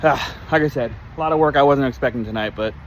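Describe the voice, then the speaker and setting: A man filming a casual outdoor vlog as a reptile keeper, chatting in a relaxed way and talking fondly to his tortoises. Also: mid-range voice, fast talker, slight background noise. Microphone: camera set on ground.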